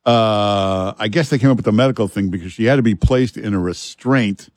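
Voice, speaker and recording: A man hosting a talk radio show, chatting in a relaxed, halting way with many fillers and reading live ads. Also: on the low side, no room sound, clean studio sound. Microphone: studio microphone.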